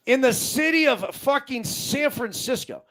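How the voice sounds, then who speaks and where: A man in his forties co-hosting a casual sports show, with a strikingly high-pitched voice. He talks in an excitable, emphatic rush, swearing freely as he riffs and tells stories. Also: measured pace, a crowd in the background, low-quality recording. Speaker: co-host, former baseball player.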